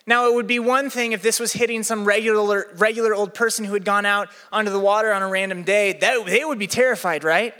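A young male pastor preaching to a live audience in a large hall, his voice ringing out with a long reverb. He speaks high and bright, and he acts out his stories with big swings in pitch. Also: steady tone, fast, few pauses. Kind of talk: sermon with storytelling.

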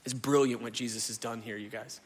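A man, preaching a sermon in a lively, conversational way and often turning to the congregation. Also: medium pitch, a little fast. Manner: animated, conversational preaching, addresses crowd as y'all. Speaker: pastor. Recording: echoey hall.

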